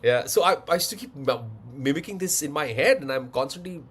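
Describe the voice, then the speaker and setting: A young man, a sports presenter, telling a personal story in an animated, excitable way and slipping into Hindi now and then. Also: on the high side, breathy edge. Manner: fast, excitable, switches into Hindi.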